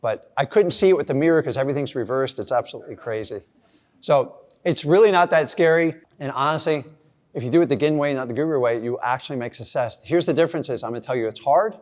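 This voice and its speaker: A man's voice: mid-range voice, fast, a little mellow. A middle-aged man giving a blunt, casual motivational talk to a live audience, acting out little scenes. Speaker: real estate investor speaking to an audience.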